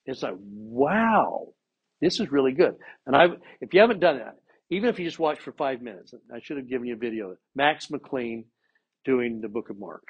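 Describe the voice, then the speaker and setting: Husky-voiced man teaching a scripture class. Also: medium pitch, a little fast, lo-fi sound. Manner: animated, dramatizes scripture quotes with voice inflection.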